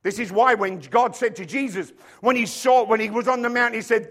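A man with a very high-pitched voice preaching a sermon in a church hall. He builds to loud, emphatic declarations and then drops into quiet, joking asides. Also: a little fast, few pauses. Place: church hall with stage lights.

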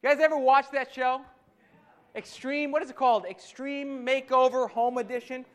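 A man with a very high voice preaches a sermon as if chatting with his congregation. He stumbles and restarts, then rises to emphatic points. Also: fairly even intonation, normal speed, fairly bright tone. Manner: conversational preaching with frequent restarts and rising emphasis. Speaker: pastor.

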